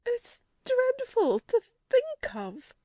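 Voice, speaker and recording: A woman's voice: extremely high pitch, huge pitch swings, extremely slow, dark tone, no echo, studio quality, voice pushed up, heavily acted. A woman reading an audiobook, voicing a flustered middle-aged matron who whimpers and sighs. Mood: distressed. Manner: breathless, whimpering and sighing.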